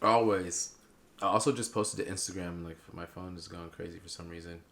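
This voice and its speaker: A young man chatting as a podcast guest, animated and rambling, often drifting off on tangents. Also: deep voice, brisk, creaky. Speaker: podcast guest, political candidate. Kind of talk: casual interview chat.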